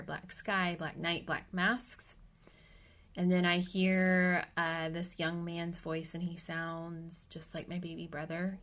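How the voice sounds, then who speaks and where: A middle-aged woman from the American Midwest speaks in a voice sitting a bit low for a woman. She retells her story as a podcast guest, animated and vivid, and now and then sinks into a hushed whisper. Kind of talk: personal storytelling in an interview.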